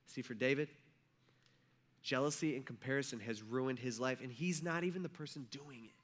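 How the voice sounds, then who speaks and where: A man's voice: mid-range voice, normal speed. A male pastor giving a conversational sermon in a church, acting out quotes with rising intensity. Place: church sanctuary.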